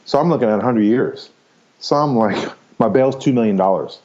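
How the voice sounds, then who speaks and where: At a normal pace, a man in his fifties uses a mid-range, slightly mellow voice to ramble through frank stories from his life as a podcast guest. He swears casually and laughs readily, and the highs are cut off in the recording.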